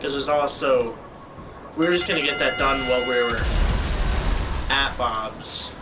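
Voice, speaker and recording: A man's voice: medium pitch, measured pace, distant mic. A young man chatting casually while playing a game, offhand and jokey. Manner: offhand, jokey, mock-dramatic. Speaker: gamer. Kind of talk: casual chat while gaming. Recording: noisy game audio behind.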